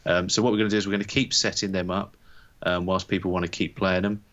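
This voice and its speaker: Deep low-voiced guy from england cohosting a podcast, rambly and relaxed, kinda dull lo-fi sound. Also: fast talker. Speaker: podcast co-host. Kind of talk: casual chat.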